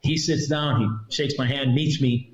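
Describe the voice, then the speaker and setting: A middle-aged man, a retired federal agent, tells a story from his career as a guest on a podcast. He talks with animation and acts out the other people in the story. His voice has a middle pitch and sounds roomy and a little dull. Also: steady tone, normal speed. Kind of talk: recounting a story in a podcast interview.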